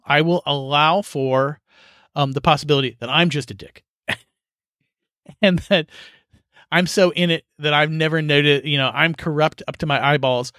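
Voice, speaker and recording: A middle-aged man rants on his own podcast in a frank, exasperated way, with some swearing. His voice sits a little high for a man. The sound is dry and close, with no room echo. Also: fairly bright tone. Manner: frank, exasperated, swears freely, sighs and laughs. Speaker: podcast host. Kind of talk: casual solo monologue.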